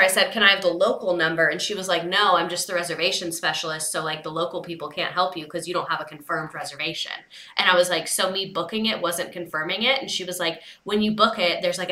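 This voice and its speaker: A woman's voice: mid-range voice, bright, forceful tone, reverberant. A young woman hosting a casual livestream, chatting and retelling a phone call with quoted dialogue. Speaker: livestream host.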